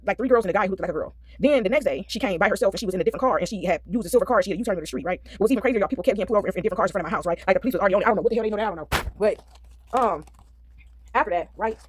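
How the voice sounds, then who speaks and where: A woman vlogger telling her viewers a long, animated story in a rapid monologue, often tagging her sentences with a questioning "right?". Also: medium pitch, breathy edge.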